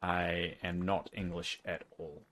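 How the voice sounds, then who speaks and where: A man's voice: low voice, flat delivery, slow pace, fairly bright tone, soft background music. A man with a New Zealand accent, casually chatting and teasing viewers while streaming a game. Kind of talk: casual live-stream chat while gaming.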